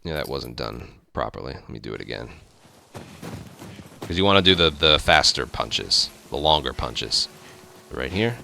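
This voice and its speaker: A man hosting a speedrun tutorial, explaining step by step in relaxed casual game commentary. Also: a bass voice, moderate pace, gravelly, pauses often, slight background noise.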